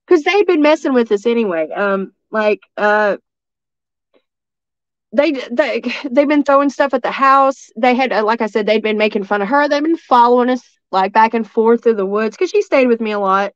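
A woman's voice: fairly high pitch, animated, moderate pace, dry recording, highs cut off. A woman from East Tennessee, telling a story as a guest in a rambling way, full of restarts and fillers. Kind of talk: casual storytelling.

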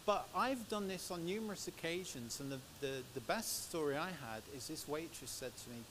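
A man's voice: fairly high pitch, moderate pace, rough recording. An English man giving a church sermon into a microphone, telling personal stories in a chatty, anecdotal way. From England. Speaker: preacher. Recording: steady background hiss.

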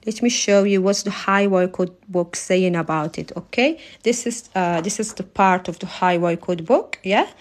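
A woman's voice: mid-range voice, darkish tone. A woman tutoring a driving theory lesson on a live stream, speaking English as a non-native speaker in a chatty way and often ending sentences with "yeah?". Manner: apologizes for her accent, non-native English.

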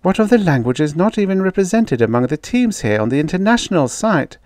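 A man voicing a frustrated, sharp-tongued woman linguist, lifting his voice high and snapping out her lines. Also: sing-song, brisk, no echo, studio quality. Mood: pressing. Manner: raised, snappish.

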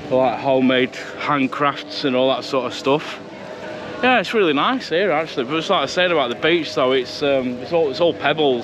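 A man's voice: medium pitch, background noise. A man chatting casually and rambling a bit as he vlogs a seafront walk, recorded outdoors on a handheld action camera. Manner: chatty and rambling, with easy laughs. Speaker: vlogger. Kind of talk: casual walking vlog. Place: outdoors on a seaside promenade.

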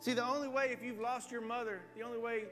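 A man's voice: extremely high pitch, little pitch movement, fast talker, long reverb tail, music in the background. A man preaching a sermon as a pastor, telling a story and building to emphatic calls about prayer. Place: church sanctuary.

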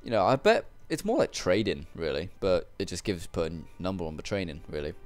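A man's voice: sits low, huge pitch swings, fairly quick, a little mellow, faint music behind. A young man casually commentating a video game, joking and rambling with crude asides. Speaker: gameplay commentator. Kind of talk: casual let's-play commentary.

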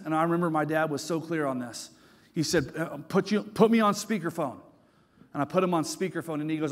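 A middle-aged man preaches a sermon from the pulpit, his fairly high voice rising and falling as he tells stories. He leans on emphasis and repeats phrases as he builds each point. The sound rings with the long reverb of a large church sanctuary. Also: fairly quick. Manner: storytelling with lively emphasis and repetition. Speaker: pastor.

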